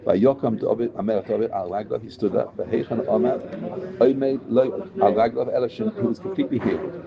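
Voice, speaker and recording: Gravelly man teaching a Torah class. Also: on the low side, brisk, muffled recording, over a noisy crowd. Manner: translates Hebrew verses line by line, emphatic. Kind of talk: Torah class explaining prayer text.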